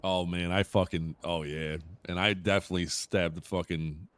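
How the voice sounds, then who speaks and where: Man, very deep voice, police roleplay, blunt, swears a lot, casual storytelling. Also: steady tone, normal speed, a bit bright, no room sound. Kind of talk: casual in-character roleplay chat.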